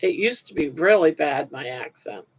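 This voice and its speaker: A woman's voice: sits low, expressive, normal speed. An older woman host chatting casually with livestream viewers while crocheting, rambling and laughing easily. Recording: lo-fi livestream audio.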